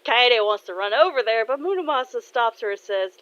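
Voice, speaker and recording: A woman's voice: fairly high pitch, expressive, moderate pace, a bit bright, no echo, dull audio. A woman casually telling a story she made up, in a chatty, informal way. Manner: chatty, informal, laughs at herself.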